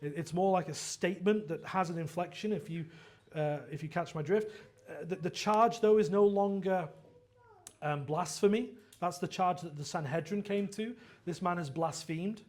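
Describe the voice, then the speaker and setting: A man with a high voice delivers an earnest, explanatory sermon. He often trips over a word and starts again, tossing in a quick "right?" to bring the listeners along. He slips into lively quoted lines when he gives a figure's words. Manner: earnest expository preaching with frequent restarts and "right?" asides. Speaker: pastor.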